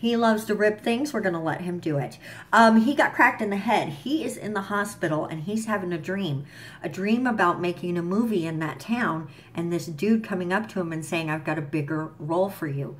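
A woman's voice: mid-range voice, moderate pace. A young woman vlogging a casual, profane recap of a TV episode, with fillers and asides. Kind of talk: casual chat.

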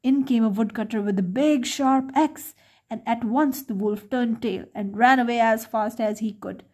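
A woman reading a bedtime story aloud to children in a gentle, sing-song way. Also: a little high, moderate pace.

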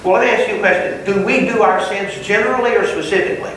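A man's voice: high-pitched, quick pace, fairly bright tone, a little hiss or hum. A man teaching a Bible class, reading verses aloud and explaining them phrase by phrase. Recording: distant mic in a very echoey room.

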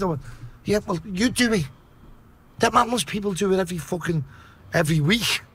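A man with a Liverpool accent telling a story in a casual way, swearing a lot and acting out his own shouts. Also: high-pitched, a little fast, breathy edge. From Liverpool, England.

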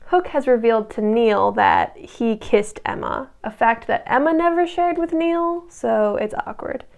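Chatty young woman with a creaky voice. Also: on the high side, a little slow, darkish tone. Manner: chatty and sarcastic, joking asides to the viewer. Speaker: recap video host. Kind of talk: casual TV recap.

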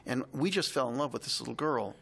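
A man co-hosting a podcast, telling a heartfelt personal story in a reflective, halting way. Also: mid-range voice, expressive, vocal fry, a bit bright, breathy edge. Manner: reflective, halting, emotional retelling.

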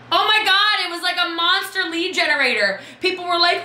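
A woman coaching her team on a live video, chatty and lively, calling out viewers by name. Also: very high voice, fairly quick, hardly any pauses, reverberant, rough recording. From Texas. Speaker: business coach.

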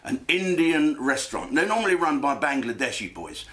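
A man's voice: mid-range voice, very animated, moderate pace, a bit bright. A man hosting a comedic rant from his home den, crude and rambling, swearing freely. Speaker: host.

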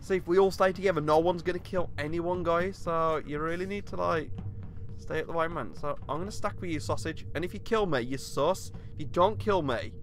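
A young gaming YouTuber gives jumpy, nervous live commentary over a video game, breaking into frequent panicked outbursts. He speaks fairly quickly in a fairly high voice.

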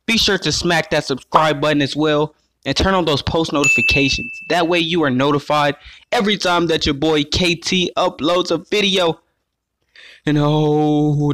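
A man giving playful let's play commentary, excitable and talking straight to his viewers as he plays. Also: fairly high pitch, slight background noise. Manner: excitable, calls himself "your boy", keeps addressing viewers as guys. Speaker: gaming YouTuber.

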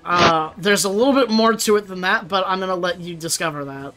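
A man's voice: sits high, a little fast, pushed and bright, faint music behind. A man guiding a friend through a let's-play, explaining the game and reading some lines in a casual, rambling way. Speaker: gaming video co-host guiding the playthrough.

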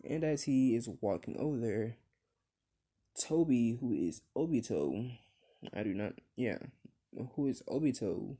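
A man's voice: mid-range voice, animated, a little slow, long pauses, mellow, breathy edge. A man casually retelling his own fan story, rambling with many fillers and restarts, and swearing when he slips.

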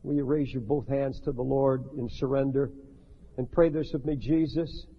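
A man's voice: mid-range voice, fairly even intonation, normal speed, long reverb tail. An older man preaching a sermon, earnest and pleading, leading his listeners in prayer. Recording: dull lo-fi archive recording with faint hiss.

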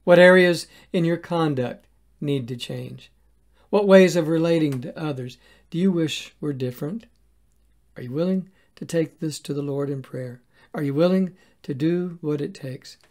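A pastor giving a devotional sermon in an earnest, measured way, often asking rhetorical questions. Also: medium pitch, a little mellow.

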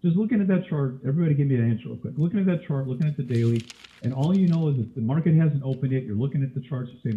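Male trading instructor, mid pitch, a cough and a scratchy throat, quizzing style, tinny webinar audio. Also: very fast. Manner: quizzes listeners with frequent questions. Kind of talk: live webinar teaching.

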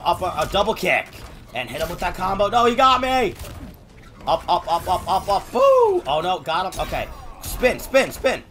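A man streaming a fighting game, cursing at his opponent and calling out his button inputs in quick bursts. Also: on the high side, creaky. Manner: profane, yelling at the opponent. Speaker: gamer streamer. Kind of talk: live gameplay commentary.

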